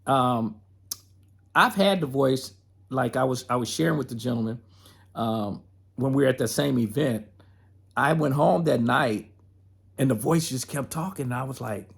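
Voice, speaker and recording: A man talks to his podcast audience in a loose, conversational way and sometimes acts out both sides of his inner voice. His voice is gravelly with a husky edge, at a middle pitch. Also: normal speed, long pauses. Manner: conversational, addresses listeners as folks, acts out inner dialogue. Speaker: podcast host. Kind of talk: motivational podcast talk.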